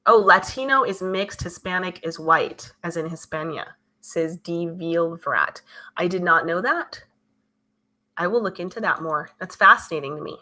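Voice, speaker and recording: A woman hosts a casual live stream with a bright, forceful tone that sits a little low in pitch. She reads her viewers' comments aloud and answers them in a loose, chatty way. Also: normal speed. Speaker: livestream host reading viewer chat.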